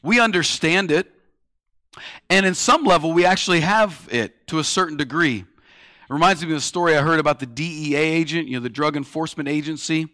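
A man in his thirties preaching a sermon, telling stories and swinging between loud, pressing lines and hushed ones. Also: a little high, no room sound, clean studio sound. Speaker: pastor.

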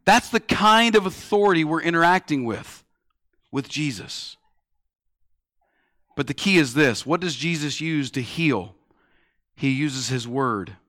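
A man in his thirties preaching a sermon, telling stories and swinging between loud, pressing lines and hushed ones. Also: a little high, animated, a little slow, pauses often, no room sound, clean studio sound. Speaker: pastor.

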